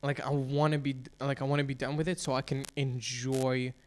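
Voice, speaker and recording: A man co-hosting a casual podcast, telling a story in an animated way with frequent restarts. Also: mid-range voice, brisk. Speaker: podcast co-host. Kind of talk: casual chat.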